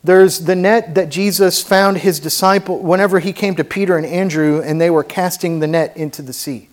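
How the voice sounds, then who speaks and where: A man's voice: high-pitched, fairly even intonation, normal speed. A man preaching a sermon as pastor to a church congregation, fervent and conversational with asides. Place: church sanctuary.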